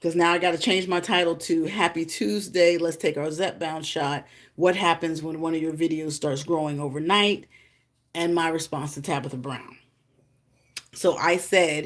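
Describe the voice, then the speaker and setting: A rambling, chatty woman hosting a casual livestream. She has a fairly low voice that leaps into high, loud exclamations. She talks straight to her viewers and greets them by name. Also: normal speed. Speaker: livestream host.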